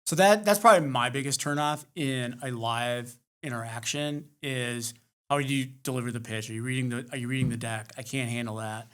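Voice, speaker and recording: A man co-hosting a podcast, talking bluntly and swearing casually in relaxed chat. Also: medium pitch, brisk, clear, resonant tone. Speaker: podcast co-host.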